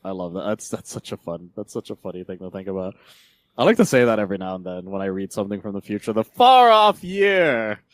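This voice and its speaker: A man's voice: low-pitched, steady tone, fast talker, a little mellow, dry recording. Laughing, rambling male podcast co-host. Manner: rambling, laughs often, many restarts. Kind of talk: casual chat about comics.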